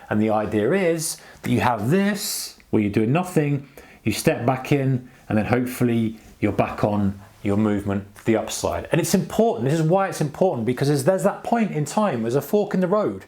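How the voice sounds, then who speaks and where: A man hosting a trading channel, giving casual advice to camera in a rambling, animated way and acting out his own inner voice. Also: medium pitch, moderate pace. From United Kingdom.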